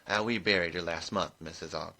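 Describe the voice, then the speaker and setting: A man voicing a blunt, gossipy village woman who is quick to alarm. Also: sits low, steady tone, sharp tone.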